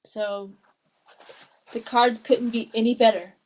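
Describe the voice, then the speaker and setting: A woman's voice: fairly high pitch, steady tone, takes it slowly, darkish tone, low-quality recording. Emotional older woman reading tarot. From Colorado, USA. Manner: emotional, chatty, reads viewer comments aloud. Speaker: tarot reader. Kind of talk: live-stream tarot reading.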